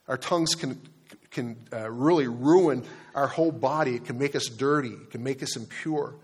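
A man delivering a sermon at an easy, talking pace. He often pauses on fillers and restarts his sentences as he explains a passage. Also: medium pitch, husky. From Delaware, United States. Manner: conversational preaching with fillers and repeated words. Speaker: pastor.

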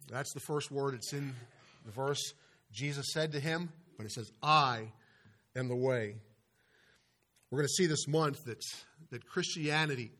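A man's voice: medium pitch, fairly bright tone. Man preaching a sermon with heavy emphasis. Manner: preaching with emphatic stresses and pauses, many restarts. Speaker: pastor. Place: church sanctuary. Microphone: microphone over a speaker system.

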